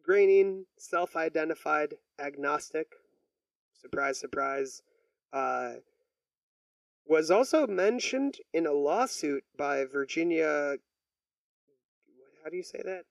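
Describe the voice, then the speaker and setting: A man's voice: a little high, animated, takes it slowly, gravelly, pauses often, dry recording, recorded from a distance, low-quality recording. A man co-hosting a podcast in a casual chat, crude and joking. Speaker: podcast co-host.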